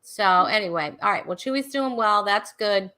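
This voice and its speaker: A woman's voice: medium pitch, expressive, moderate pace, bright, forceful tone. A woman hosting a casual live video chat show, bubbly and chatty, often laughing, on a video call. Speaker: host.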